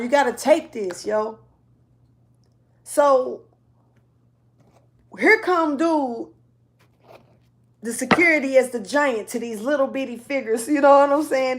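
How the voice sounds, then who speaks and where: Raspy slangy woman giving a reading. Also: sits high. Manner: loose slangy talk, laughs often, trails off. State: raspy from allergies. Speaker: tarot reader. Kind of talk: casual spiritual reading.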